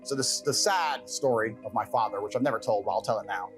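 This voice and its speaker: A man's voice: lowish voice, quick pace, soft background music. A man telling stories about his family in an interview, blunt and brash and swearing freely. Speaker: interviewee in archived clips. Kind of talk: storytelling interview talk.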